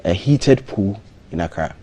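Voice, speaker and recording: Guy on a tv morning show, really low mellow voice, lots of ums, faint hum behind. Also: lively intonation. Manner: measured, plain promotional talk with frequent ums and restarts. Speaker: hotel marketing manager, studio guest. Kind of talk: live TV breakfast show interview. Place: TV studio.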